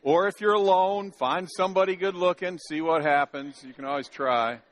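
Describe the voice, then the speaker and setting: A man's voice: on the high side, normal speed. A male pastor preaching a sermon in a church, folksy and joking, often restarting his sentences. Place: church sanctuary.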